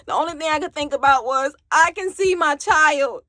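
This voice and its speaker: A woman's voice: high voice, moderate pace, few pauses, sharp tone. A woman from Alabama, telling her own story on camera in a raw, candid way, cursing and talking straight to her viewers. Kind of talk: emotional personal storytime.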